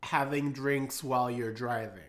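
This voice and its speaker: A woman's voice: a bass voice, fairly even intonation, measured pace. A woman co-hosting a casual chat about a TV episode, gushing with enthusiasm and laughing often. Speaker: podcast co-host.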